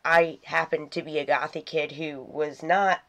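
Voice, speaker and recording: A woman's voice: deep voice, steady tone, measured pace, fairly bright tone. Congested, nasal-sounding woman host. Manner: chatty, rambling, self-deprecating. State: congested with a cold. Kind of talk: casual storytime chat.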